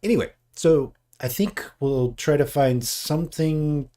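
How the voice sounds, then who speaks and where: A man co-hosting a live painting stream, chatting casually in a slow, meandering way with many hesitations. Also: a little high, dark tone. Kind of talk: casual chat.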